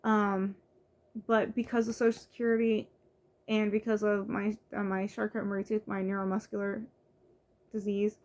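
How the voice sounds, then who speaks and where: A woman's voice: mid-range voice, flat delivery, moderate pace, a little mellow. A young woman from the United States venting in a casual vlog, frustrated, with many fillers and restarts. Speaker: vlogger. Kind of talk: casual vlog rant to camera.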